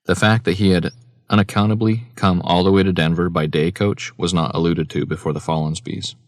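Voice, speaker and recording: A man narrating an audiobook in a measured, even reading voice on a close mic. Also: low-pitched, no echo. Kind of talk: scripted narration.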